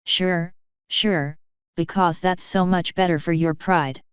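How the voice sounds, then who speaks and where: A woman's voice: fairly low pitch, steady tone, takes it slowly, smooth, no echo, dull audio. A woman voicing a smug, teasing female water elemental.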